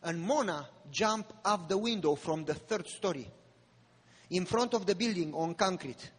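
Give me a husky, high-pitched male preacher with dramatic storytelling, in a big reverberant hall. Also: expressive, a little slow. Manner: dramatic storytelling, rising to fervent appeals. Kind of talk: sermon with personal testimony. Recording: long reverb of a large hall.

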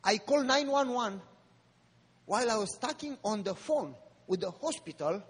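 Give me a husky, high-pitched male preacher with dramatic storytelling, in a big reverberant hall. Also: lively intonation, normal speed. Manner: dramatic storytelling, rising to fervent appeals. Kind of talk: sermon with personal testimony. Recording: long reverb of a large hall.

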